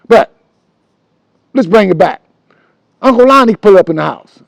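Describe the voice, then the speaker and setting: An animated middle-aged man tells a story about his childhood. His voice sits high and swings widely, with a gravelly edge, recorded close and dry. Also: normal speed, long pauses, dry recording. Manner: animated and loose, acts out voices and hums tunes. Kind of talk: casual storytelling.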